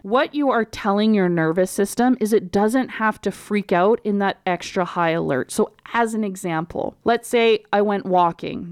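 Woman coach talking softly about pain, smooth clear voice, dry close sound, chatty and reassuring. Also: mid-range voice, no echo. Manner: gentle, reassuring, conversational with quoted self-talk. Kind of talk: instructional talk to camera.

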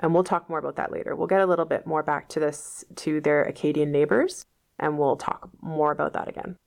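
Lady reading a book out loud and explaining words, chill and patient, kinda gravelly low voice. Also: fairly even intonation, brisk. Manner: patient, explanatory, casual asides. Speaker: teacher reading a novel aloud.

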